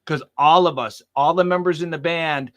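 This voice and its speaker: A man hosting a live guitar talk stream, telling a studio story in a lively way and acting out the quoted dialogue. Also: a little high, moderate pace. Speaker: show host. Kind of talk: casual chat.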